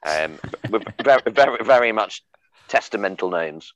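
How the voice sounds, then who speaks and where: A man and comedian guest on a podcast, telling comic stories with animated delivery and stumbling restarts. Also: lowish voice, moderate pace, highs cut off, slight background noise.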